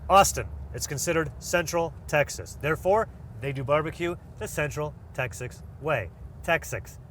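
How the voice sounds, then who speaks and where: A man's voice: fairly high pitch, moderate pace, a bit bright, a little hiss or hum. Joking man hosting a casual chat. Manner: joking, rambling, laughs often. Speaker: food show host.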